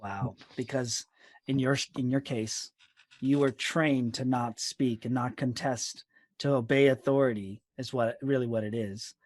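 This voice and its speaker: A man's voice: medium pitch, steady tone, measured pace, darkish tone. A man in a casual podcast conversation, thoughtfully echoing and building on what was just said. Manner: thoughtful, echoes and builds on points.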